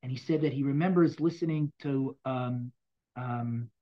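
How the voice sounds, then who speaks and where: Reading and explaining Bible verses to a class, this Torah teacher is animated and dramatic, moving between loud outbursts and hushed asides. His pitch is medium and his pace moderate, captured in dull audio.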